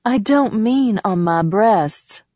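Brief: woman reading exasperated young driving teacher, sharp yet warm. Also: mid-range voice, expressive, takes it slowly, dry recording. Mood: exasperated teaching. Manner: scolding but kind. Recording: dull dry recording.

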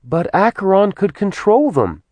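A man's voice: mid-range voice, animated, a little slow, no room sound, voice pushed up, lightly acted. A man voicing an urgent, desperate young goddess woman in an audiobook reading. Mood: pleading. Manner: urgent, pleading. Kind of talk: audiobook character voice.

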